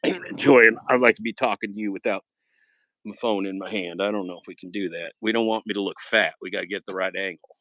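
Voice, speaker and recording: A man's voice: low voice, fairly even intonation, fast talker, fairly bright tone, no echo. Sarcastic man rambling on a livestream. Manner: sarcastic, joking, taunting. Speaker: live streamer. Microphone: phone held in hand.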